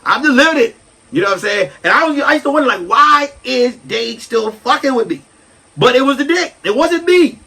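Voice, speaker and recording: A man in his thirties hosting a solo comedy podcast, ranting loudly and animatedly and breaking into shouts. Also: very high-pitched, fairly quick, slightly rough, distant mic, low-quality recording. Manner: loud, animated, swings into shouting. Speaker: podcast host.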